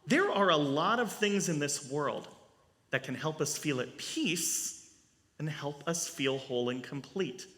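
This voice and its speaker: Lively, high-voiced rabbi in a large hall. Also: male voice, unhurried. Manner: animated, asks the audience questions. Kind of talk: storytelling sermon at a family service. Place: synagogue sanctuary. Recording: long reverb in a large hall.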